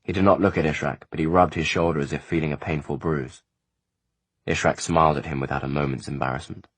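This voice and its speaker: A male audiobook narrator with a very deep, husky voice tells the story in a measured, even manner. The recording is close and dry, with no room sound.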